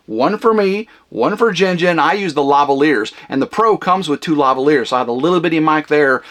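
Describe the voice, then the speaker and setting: Man, vlog host, loud and flamboyant, rambling chat, lots of ums and restarts, slightly high pitch. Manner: loud, big flamboyant talker. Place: at home in a small camper cabin.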